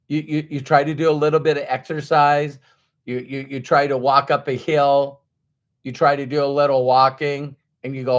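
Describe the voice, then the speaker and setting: A man's voice: mid-range voice, level tone, moderate pace. A man giving a conversational motivational talk who acts out the voices of doubters. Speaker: motivational speaker.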